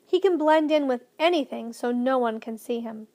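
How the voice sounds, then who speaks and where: Kindly old professor, proud and emphatic, read by a high-voiced woman, storybook. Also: normal speed, darkish tone. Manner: emphatic, cheerfully lecturing. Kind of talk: storybook reading.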